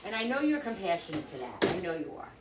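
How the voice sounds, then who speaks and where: A chatty woman rambles to her viewers while she cooks, thinking out loud between tasks. Her voice sits a little low. Clear kitchen noise carries behind her. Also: very animated, fast talker. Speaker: cooking vlogger. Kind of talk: casual cooking vlog chat. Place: home kitchen.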